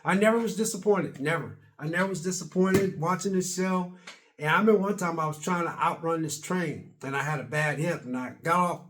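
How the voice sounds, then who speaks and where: A man's voice: on the high side, fairly quick, noisy background. A man in his late fifties or sixties talking casually to camera in a vlog, rambling and chatty, with casual double negatives. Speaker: video blogger.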